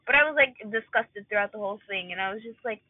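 A woman's voice: medium pitch, quick pace, dry recording. A young woman venting casually about her love life and a coworker, rambling and exasperated with lots of fillers. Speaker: vlogger. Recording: tinny phone-like dry recording.

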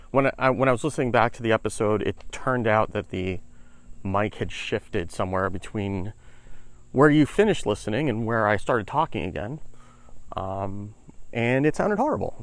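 A man's voice: fairly low pitch, no room sound. A man hosting a podcast, talking casually while walking uphill outdoors and slightly out of breath. He rambles, with lots of "like" fillers and "right?" checks. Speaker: podcast host. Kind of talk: casual explanatory podcast talk.

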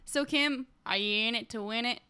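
Bright, giggly American woman podcaster. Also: on the high side, smooth. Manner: playful, giggly, quick to tease. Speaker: podcast co-host. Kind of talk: casual chat.

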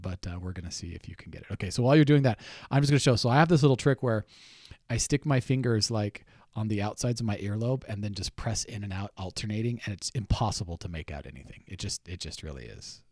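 A man hosting a podcast, running a whisper-guessing game with a guest in casual chat, playful and quick to laugh, often repeating himself. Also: fairly low pitch, darkish tone, no echo, studio quality. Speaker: podcast host. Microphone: studio mic, close.

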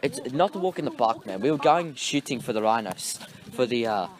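A man's voice: mid-range voice, lively intonation, fairly quick, crowd noise, natural voice. Brash Jack, a crude young South African man played by a man for a comedy skit, speaks in a mock accent. His voice swoops up and down. He curses freely and tags "man" onto everything. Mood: boisterous. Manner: swearing, ends sentences with "man".

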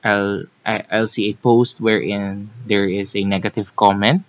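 A man's voice: fairly low pitch, little pitch movement, a little slow, highs cut off. A man co-hosting a casual podcast chat, teasing and restarting his sentences as he talks. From Philippines. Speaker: co-host.

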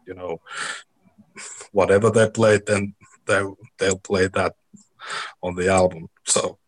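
Lowish guy talking slow and flat, lots of ums, just answering questions casually. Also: poor audio. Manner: hesitant, many ums, plain-spoken. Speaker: musician guest.

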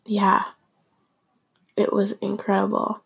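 Young woman rambling thru a personal story, emotional and candid, swears some, restarts a lot, mid pitch. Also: completely flat delivery, slow pace, creaky, slightly rough.

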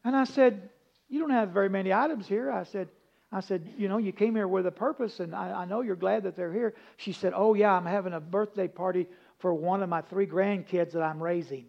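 A man preaching a folksy, humorous sermon, rambling into stories and dropping from loud emphasis to hushed asides. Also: high voice, brisk, vocal fry. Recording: dull lo-fi recording.

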